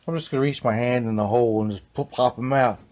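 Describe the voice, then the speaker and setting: A man's voice: mid-range voice, steady tone, quick pace, heavy background noise. Laid-back rambling man calling everyone "man". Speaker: vlog host, guitar repairer. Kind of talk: casual workshop vlog.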